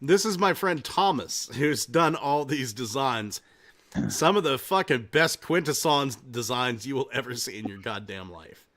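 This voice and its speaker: A man hosting a casual comedic podcast, telling rambling, excitable stories and swearing freely. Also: mid-range voice, a little slow. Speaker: podcast host.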